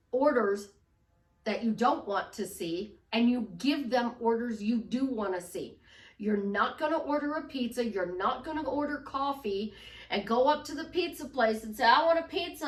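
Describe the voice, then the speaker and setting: A woman's voice: a little high, echoey room, distant mic. A woman life coach giving an upbeat, emphatic motivational talk. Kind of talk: motivational vlog monologue.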